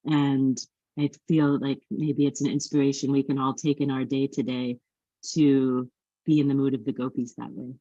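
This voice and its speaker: A woman's voice: very deep voice, level tone, moderate pace, mellow, dry recording. Woman, devotional class sharing, earnest, many fillers, dry and dull call audio. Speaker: class participant.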